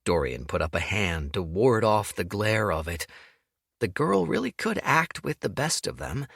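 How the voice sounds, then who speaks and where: A man narrating an audiobook in an expressive, storytelling manner. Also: lowish voice, a little slow, vocal fry, slightly rough, dry recording, studio quality.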